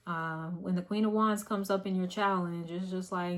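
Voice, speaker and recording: Hoarse woman giving a blunt tarot reading. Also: on the low side, steady tone, fairly quick, hardly any pauses. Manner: blunt, profane, teasing tough-love delivery. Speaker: tarot reader. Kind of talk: casual tarot reading to camera.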